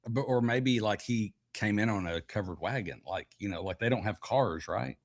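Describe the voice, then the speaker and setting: A man co-hosting a podcast in casual chat, talking haltingly with frequent restarts. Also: lowish voice. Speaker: podcast co-host. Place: live podcast recording.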